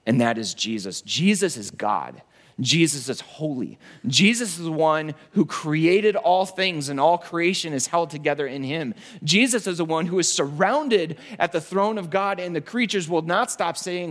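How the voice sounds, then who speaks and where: A man preaching a sermon as pastor, repeating key lines with emphasis and dropping low and slow to stress a point. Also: lively intonation.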